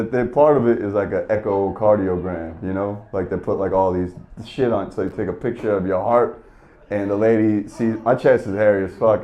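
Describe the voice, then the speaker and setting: Stand-up comic, man, lowish voice, profane and fed up, muffled lo-fi sound. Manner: profane, exasperated storytelling. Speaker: stand-up comedian. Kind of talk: stand-up comedy set.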